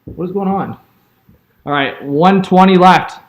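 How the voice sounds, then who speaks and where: A young man calling a hockey game as an excitable fan streamer, yelling at big plays and chatting with viewers. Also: high-pitched, a little slow. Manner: yells and laughs at big plays, chats with viewers. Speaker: fan streamer doing live play-by-play. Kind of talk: excitable fan play-by-play commentary.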